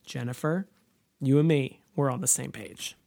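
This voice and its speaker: A man co-hosting a casual movie podcast at home, talking in an animated, ranting way and slipping into mocking impressions. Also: medium pitch, normal speed, creaky. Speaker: podcast co-host.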